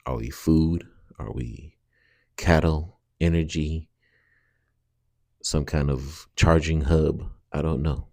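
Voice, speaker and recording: A man's voice: very deep voice, steady tone, slow pace, gravelly, warm tone, dry recording, clean studio sound. A man hosting a video channel, talking straight to his viewers in an earnest, rambling way. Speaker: channel host. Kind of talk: casual video commentary.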